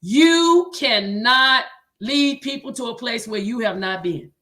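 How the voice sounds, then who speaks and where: A woman's voice: a little high, expressive, slow, sharp tone. A woman with a Southern drawl hosting a livestream for choir directors, preaching and reading viewers' comments aloud. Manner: exhorting, repeats "come on", reads viewer comments aloud. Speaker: host.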